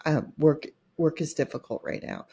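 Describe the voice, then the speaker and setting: A woman's voice: low voice, moderate pace, gravelly, mellow, husky. A middle-aged woman, a podcast guest and author, telling candid stories in conversation with quoted dialogue and laughter.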